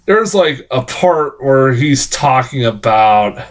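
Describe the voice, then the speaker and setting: Animated, swearing man reviewing a movie. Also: slow. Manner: rambling, swears a lot, laughs at his own points; animated, jumps high in pitch when exclaiming. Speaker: film reviewer. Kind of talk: casual profane film review.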